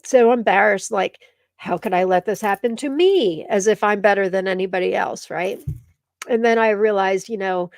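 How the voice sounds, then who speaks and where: A woman's voice: mid-range voice, normal speed, creaky, darkish tone, dry recording, studio quality. Teary woman hosting a live stream. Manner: emotional, reading viewer comments aloud. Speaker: live show host. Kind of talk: casual live-stream chat.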